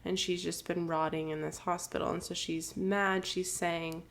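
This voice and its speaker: A woman co-hosting a podcast, casually retelling a book's plot with quick giggles and lots of "like". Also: on the low side, creaky. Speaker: podcast co-host. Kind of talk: casual book discussion.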